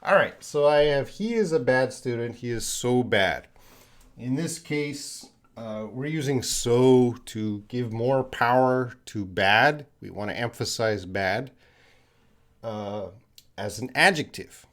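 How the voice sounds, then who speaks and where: Canadian guy teaching english live, talks real slow and patient, chatty, keeps repeating examples. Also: medium pitch.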